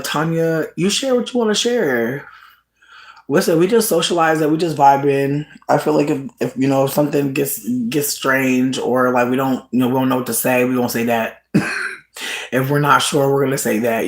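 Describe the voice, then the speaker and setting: Animated, profane livestream host, roomy echo. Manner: animated, profane, bursts into high laughing shouts. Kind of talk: casual livestream chat.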